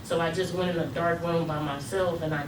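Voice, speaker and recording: A young woman, plainly and softly recounting a family hospital night. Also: deep voice, steady tone, fairly quick. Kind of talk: casual personal testimony. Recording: echoey room, far mic, noisy.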